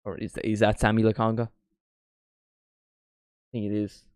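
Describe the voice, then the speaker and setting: A man's voice: on the low side, completely flat delivery, normal speed, darkish tone, clean tone, no echo. A man hosting a live football watchalong, chatting casually with a jokey, rambling manner.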